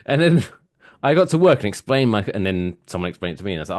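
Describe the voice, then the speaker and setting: An animated man telling stories on a podcast. His pitch swings widely and he breaks into loud, excited bursts. His voice sits on the low side. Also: fast talker. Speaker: podcast co-host. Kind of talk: casual chat.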